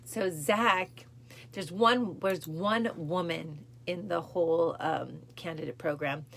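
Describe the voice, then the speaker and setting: A woman with a low, gravelly voice hosts a cancer support talk, speaking casually and from the heart. She repeats phrases and sometimes acts out film dialogue in a higher voice. Faint noise hums under the recording. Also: slow, a bit bright. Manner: emotional, repeats phrases, acts out film lines with rising pitch. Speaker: host of a cancer support show.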